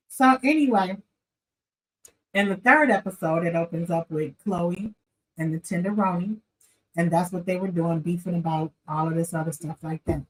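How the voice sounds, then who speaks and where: Animated woman vlogger recapping a TV show. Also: fairly low pitch, normal speed, rough recording. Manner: animated and opinionated, talks straight to viewers. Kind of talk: casual chat.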